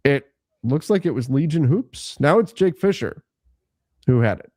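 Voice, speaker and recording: A man's voice: fairly high pitch, lively intonation, unhurried, darkish tone, dry recording, studio quality. A man co-hosting a live basketball draft show, chatting casually and laughing often. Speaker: podcast co-host.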